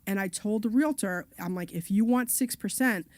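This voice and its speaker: A woman's voice: medium pitch, moderate pace, a little mellow, dry recording. Chatty lady co-hosting a call-in show, tells long rambling stories, dry mic. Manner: chatty, long-winded storytelling. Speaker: co-host. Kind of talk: casual radio talk.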